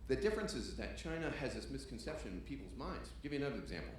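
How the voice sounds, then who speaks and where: A man performing a stand-up comedy set on a club stage, acting out dialogue and shouting his punchlines. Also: mid-range voice, big pitch swings, very fast, slight background noise. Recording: roomy club sound with audience laughter. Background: audience laughter.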